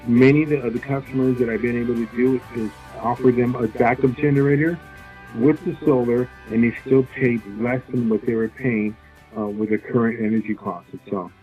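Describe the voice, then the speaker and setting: Man, solar salesman, halting speech, lots of ums, dull lo-fi sound, faint music behind. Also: mid-range voice, steady tone. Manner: halting, many fillers and restarts. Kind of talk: casual interview talk.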